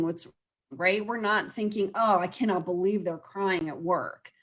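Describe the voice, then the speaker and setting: A woman's voice: on the low side, unhurried. A woman life coach, speaking earnestly in a casual interview and often quoting her clients. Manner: earnest, explains with quoted client voices.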